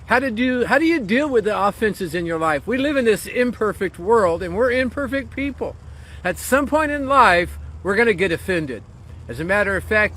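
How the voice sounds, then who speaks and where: A man's voice: high voice, pushed and bright. A man speaking as a pastor in a short devotional message, earnest and encouraging, leaning on key phrases.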